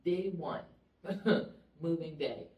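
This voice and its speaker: A woman vlogger telling a story to her viewers in a casual, animated way, laughing often. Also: low-pitched, extremely slow. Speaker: family vlogger. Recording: roomy sound, mic at a distance.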